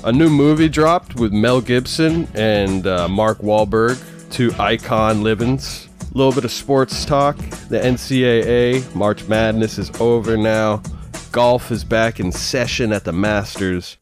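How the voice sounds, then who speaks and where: A man's voice: lowish voice, measured pace, faint music behind. Profane, rambling male podcast host. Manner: loose, profane, self-deprecating. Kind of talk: casual rambling monologue.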